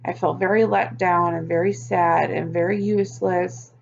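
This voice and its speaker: A woman with a gravelly edge to her voice, venting openly in a personal vlog and swearing freely. The recording sounds a bit muffled. Faint hiss sits underneath. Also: on the low side, fairly even intonation, moderate pace. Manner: frank, swears often, venting. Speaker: vlogger.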